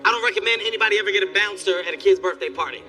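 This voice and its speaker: A man doing a stand-up comedy set, telling animated stories and acting out the people in them. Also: high voice, very fast, recorded from a distance, soft background music. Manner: animated storytelling, acts out characters, yelling bits. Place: theater stage before a live audience.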